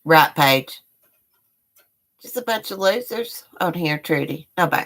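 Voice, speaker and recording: Middle-aged woman streamer, low-pitched and forceful, cursing through a heated rant. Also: lively intonation, measured pace, long pauses. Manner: heated, profane, talks straight to viewers. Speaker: YouTube live streamer. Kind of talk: angry live-stream rant.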